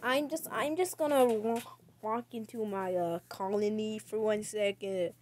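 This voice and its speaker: A woman streamer giving chatty commentary on a game as she plays, breaking into sudden loud, excited outbursts. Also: mid-range voice, unhurried, a little hiss or hum. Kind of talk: gaming livestream commentary.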